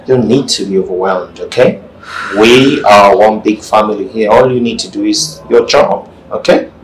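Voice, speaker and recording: Low-voiced stern boss played by a Nigerian actor, curt, echoey room. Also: male voice, normal speed, a little hiss or hum, natural voice. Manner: curt, lecturing and impatient. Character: stern businessman husband and company boss. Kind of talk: Nollywood film acting.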